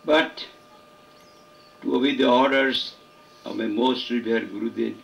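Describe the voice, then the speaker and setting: Slow, gravelly older Indian man. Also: medium pitch, fairly even intonation, low-quality recording. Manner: slow, halting, deliberate. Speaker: spiritual teacher. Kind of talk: devotional lecture.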